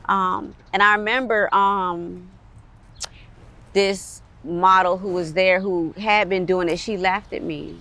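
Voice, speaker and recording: A woman of Caribbean background, a guest in an interview, telling stories in a casual, animated way with frequent laughter. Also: lowish voice, takes it slowly. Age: adult with a son. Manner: animated, laughs often, quotes others. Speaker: interview guest, artist and model.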